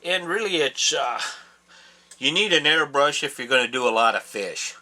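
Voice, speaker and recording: A man's voice: medium pitch, expressive, normal speed, pushed and bright, rough recording. A man giving a casual step-by-step craft demonstration in his home workshop, plain-spoken and folksy with rambling asides. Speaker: taxidermy instructor. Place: home workshop with air compressor. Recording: hissy workshop audio, compressor noise. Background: air compressor and spray hiss.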